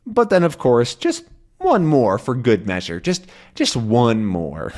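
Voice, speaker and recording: Man, English teacher, slow simple explaining, sound effects, animated voice. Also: medium pitch. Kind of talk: explaining a comic to learners.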